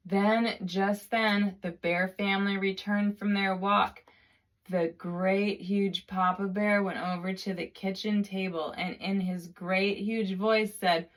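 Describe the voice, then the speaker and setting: Slow, dramatic woman storyteller. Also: medium pitch, steady tone. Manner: slow, drawn-out, dramatic repetitions. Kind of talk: expressive storybook narration.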